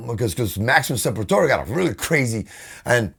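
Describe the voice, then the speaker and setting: A man with a New York accent, a guest telling animated stories in a casual interview, swearing freely and acting out what others said. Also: medium pitch, quick pace, creaky, husky. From Brooklyn, New York. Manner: animated, swearing, acts out quotes. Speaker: guest vocalist.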